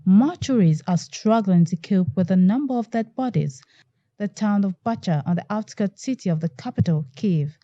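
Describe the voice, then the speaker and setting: Woman news reporter, very dark mellow tone, dry muffled lo-fi recording, formal read. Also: mid-range voice, no echo. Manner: measured, formal delivery. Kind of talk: scripted news voice-over.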